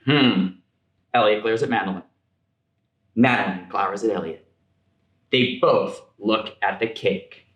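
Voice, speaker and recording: Male storyteller, gentle, playful, reads a picture book at an unhurried pace in a reverberant room. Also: lowish voice. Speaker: vice mayor reading a picture book. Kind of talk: children's story reading.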